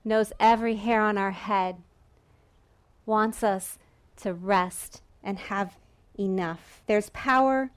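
A woman preaching a sermon in a lively, conversational way, now and then acting out the voices of the people in the story. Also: medium pitch. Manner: lively and conversational, acts out voices of Israelites and God. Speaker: pastor.

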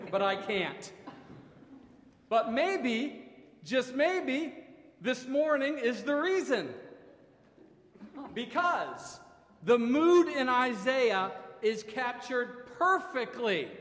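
A middle-aged male pastor from Ohio delivers a sermon in a very high voice, taking his time over each phrase. His delivery is wry and self-deprecating, with a storyteller's comic timing. The sound rings with the long reverb of a large church hall. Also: fairly bright tone. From Ohio, USA. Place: church sanctuary. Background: congregation laughing.

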